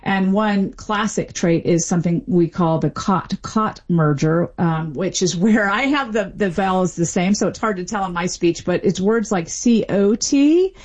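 A woman, calmly explaining speech patterns as an interview guest. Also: medium pitch. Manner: measured, explanatory, occasional hedging fillers. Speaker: dialect expert guest.

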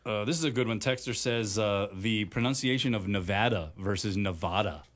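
A man co-hosting a sports talk show, reading texts and bringing in callers in a relaxed, joking way. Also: on the low side, brisk. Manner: easygoing, jokey, takes texts and calls. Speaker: radio sports talk host.

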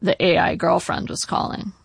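A middle-aged woman reading her own memoir aloud in a measured, wry way. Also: on the low side, flat delivery, gravelly, slightly rough, dry recording, studio quality. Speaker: narrator.

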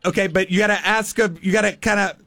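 Halting man giving clues, fairly high voice. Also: fairly even intonation, pushed and bright. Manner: halting, searching for words. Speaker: radio show co-host. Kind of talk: radio game segment, giving clues.

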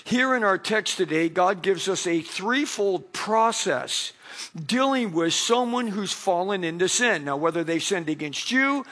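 Middle-aged male pastor, high voice, lively sermon delivery that acts out quoted lines. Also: unhurried.

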